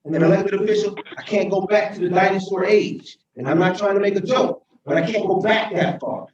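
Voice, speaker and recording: Impassioned mayor in an echoey chamber. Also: male voice, high-pitched, distant mic, highs cut off, a little hiss or hum. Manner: impassioned, repeats "right?", rises to shouting. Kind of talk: speech at a council meeting.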